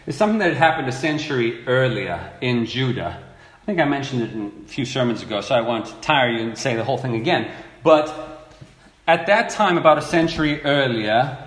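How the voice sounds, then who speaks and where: A man preaching a sermon, reading scripture aloud and acting out the people in the story with lively repetition. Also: mid-range voice, normal speed, echoey room. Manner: animated, acts out quoted speakers, repeats words.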